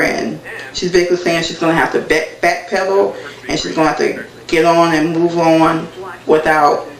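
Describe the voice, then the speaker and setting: Recorded in an echoey room with a distant mic, a man recaps a reality show episode for his TV recap vlog. His gravelly voice runs on the high side, and his retelling rambles and is packed with filler.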